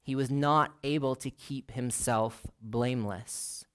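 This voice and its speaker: Guy preaching a sermon, earnest, leans on the big words, mid pitched. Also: fairly even intonation, a bit bright, clear, resonant tone. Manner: earnest, slows down to stress key words.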